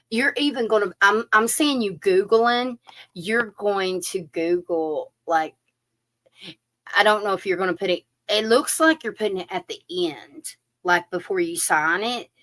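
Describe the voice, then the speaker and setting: Slow-spoken woman reading tarot. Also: mid-range voice. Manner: chatty, animated, addresses viewers directly with fillers. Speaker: tarot reader. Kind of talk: live-stream tarot reading.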